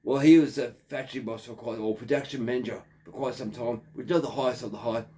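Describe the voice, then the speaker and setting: A man's voice: mid-range voice, steady tone, quick pace, dark tone, a little hiss or hum. A man in his fifties with an Australian accent, telling a crude, digressive story in a rambling monologue. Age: 50s. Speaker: factory worker.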